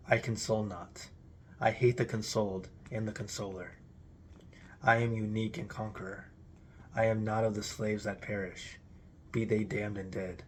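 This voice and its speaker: A man's voice: on the low side, a little hiss or hum. A man giving a solemn, declamatory recitation of an archaic religious text in an intoned delivery. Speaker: reader.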